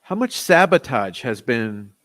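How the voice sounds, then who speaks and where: Male commentary host, unhurried and skeptical, mid-range voice. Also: medium pitch, very animated, fairly bright tone. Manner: slow, skeptical, exasperated. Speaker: channel host. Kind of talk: true-crime commentary.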